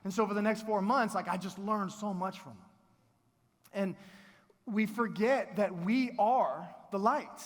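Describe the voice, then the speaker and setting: A man in his thirties giving a motivational keynote, telling stories in an energetic, playful way with asides to the audience. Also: sits high. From Texas. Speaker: keynote speaker. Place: large event hall. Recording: long reverb of a large hall.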